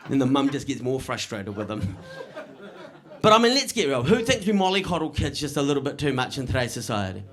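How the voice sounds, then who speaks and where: A middle-aged man performing a stand-up comedy set, delivering deadpan punchlines and checking in with the crowd. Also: mid-range voice, brisk.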